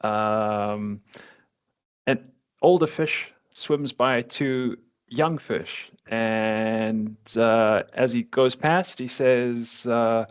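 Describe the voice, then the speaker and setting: A middle-aged man in relaxed podcast conversation, his pitch sitting in an ordinary middle range. He speaks haltingly, stopping and restarting as he hunts for the next word. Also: clean tone, highs cut off. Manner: halting, searching for words, frequent restarts. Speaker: podcast co-host. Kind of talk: casual podcast chat.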